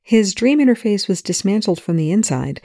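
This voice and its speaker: A reader voicing a nervous, excitable young man, pitched a little above the narration. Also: moderate pace, no echo, natural voice. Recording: dry close recording.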